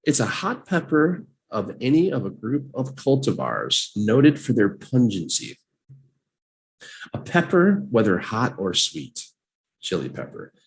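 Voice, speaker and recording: Slow, lively man teaching vocabulary. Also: lowish voice. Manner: slow and animated, drills words with repeat-after-me prompts. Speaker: English teacher. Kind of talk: live online vocabulary lesson.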